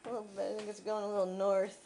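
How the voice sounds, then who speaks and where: A woman's voice: medium pitch, level tone, racing, vocal fry, noisy background. A woman in a home video, cooing and laughing as she praises and coaxes her dog indoors. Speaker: dog owner.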